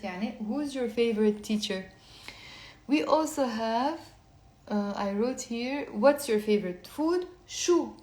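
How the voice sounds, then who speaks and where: A woman from Lebanon, teaching a live online language lesson and patiently repeating phrases slowly, then faster. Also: medium pitch, a little mellow, echoey room.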